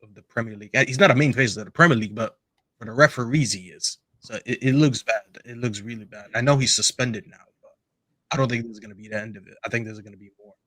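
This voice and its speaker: A man rattles off blunt football opinions at a fast clip. The recording is dry and close, with no room sound behind his voice. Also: mid-range voice, fairly bright tone, no room sound. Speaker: podcast pundit. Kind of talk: casual football chat.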